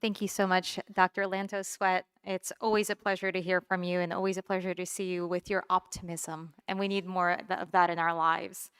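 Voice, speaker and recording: A woman's voice: lowish voice, little pitch movement, a little fast, few pauses, a bit bright, clear, resonant tone, no echo, studio quality. A woman moderating a conference, thanking the speaker and introducing the next guests politely, with some fillers. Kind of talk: event introductions.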